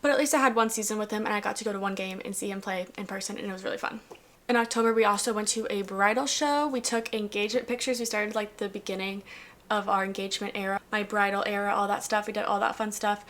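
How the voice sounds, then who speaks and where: A woman's voice: medium pitch, steady tone, fast, fairly bright tone. A young woman in her twenties recapping her year in a casual, chatty vlog, upbeat and full of "like" fillers. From US South. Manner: bubbly, upbeat, lots of "like" fillers. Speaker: lifestyle vlogger.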